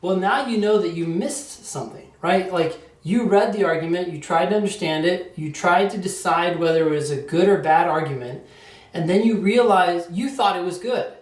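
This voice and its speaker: A man's voice: sits high, normal speed. A man teaching a test prep lesson in a conversational way, often checking in with his listeners. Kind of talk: casual explanatory lecture. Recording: roomy echo, distant mic.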